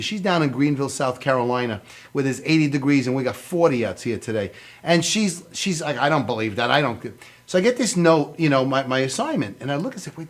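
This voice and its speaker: Man, talk show guest, chatty storyteller, slightly high voice. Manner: chatty, laughs often, acts out quoted dialogue.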